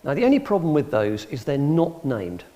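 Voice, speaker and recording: A man's voice: a little high, moderate pace. A man giving an anecdotal public talk in a hall, telling stories and acting out the people in them. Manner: lively storyteller, acts out the people in his stories. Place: public hall in front of an audience.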